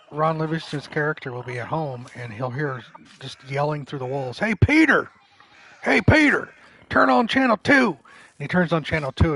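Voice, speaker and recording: A man's voice: medium pitch, slight background noise, low-quality recording. A man casually commenting while streaming a game, chatting with and teasing his viewers. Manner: chatty, teasing the chat, bursts into loud impressions. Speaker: livestreamer playing a game. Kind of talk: casual live gameplay commentary.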